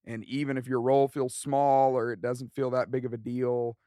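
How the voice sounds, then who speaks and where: A man's voice: mid-range voice, flat delivery, normal speed, mellow, no room sound, studio quality. A man from West Alabama, a guest speaker giving an encouraging, heartfelt talk in a podcast conversation.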